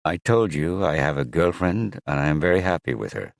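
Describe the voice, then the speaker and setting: A man's voice: a bass voice, expressive, a little fast, gravelly, no room sound, clean studio sound, full character voice. A man voicing a troubled father who pleads insistently to see his son, in an audiobook. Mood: pleading.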